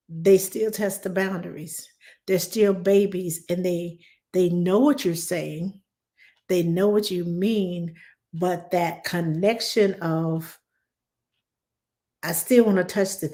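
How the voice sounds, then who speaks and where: A woman working as a nanny, answering viewer questions in a casual live chat. She is animated and talks things through in a conversational way, repeats words for emphasis, and acts out little quoted voices. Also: fairly low pitch. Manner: conversational with fillers and restarts.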